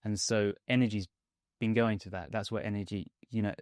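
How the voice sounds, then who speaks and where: A man speaking as a coaching guest in a podcast interview, measured and hedging, often saying "sort of" and "kind of" as he explains. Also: on the low side, fairly even intonation, darkish tone, no room sound, studio quality. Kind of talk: conversational interview.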